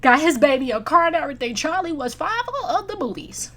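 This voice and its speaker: A woman reviewing movies in a casual chat, blunt, profane and animated as she rants. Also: high-pitched, fast talker.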